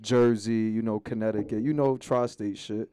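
A man with a New York accent, a guest rapper telling stories in a relaxed, slangy interview chat full of fillers. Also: on the low side, moderate pace. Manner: laid-back slangy, filler-heavy storytelling.

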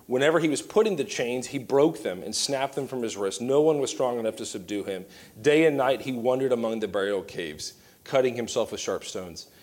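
Youth pastor guy in his 30s preaching, jokey and animated, middle pitch voice. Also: brisk. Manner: animated, joking asides with dad jokes. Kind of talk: sermon.

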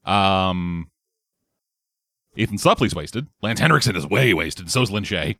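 A man's voice: sits low, unhurried, dry recording. A man in casual chat, bluntly and profanely tearing into a game. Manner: blunt, profane, animated critique.

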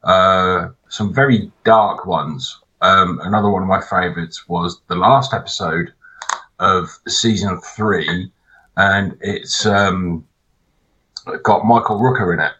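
Sweary bright-voiced man. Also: low voice, takes it slowly, lo-fi sound. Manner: sweary, animated storyteller. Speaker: podcast co-host. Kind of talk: casual chat.

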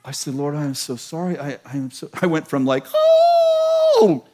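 A middle-aged man preaching a sermon, telling a story in an animated, self-mocking way and laughing often. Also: mid-range voice, fast, a little hiss or hum.

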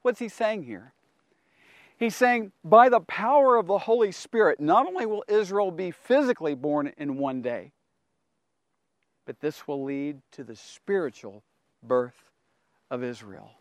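A man hosting a Bible teaching program. He preaches with passion, swings from loud to hushed, and often repeats words as he restarts. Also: sits high, dry recording. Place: outdoors among people in a public place.

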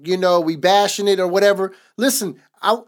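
A man's voice: high-pitched, steady tone, brisk. A man on a podcast giving a casual, emphatic faith testimony in a repetitive, preaching cadence. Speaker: podcast co-host.

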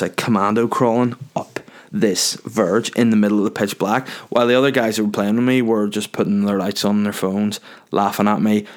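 A young man rambling through a crude, self-deprecating comic story. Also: lowish voice.

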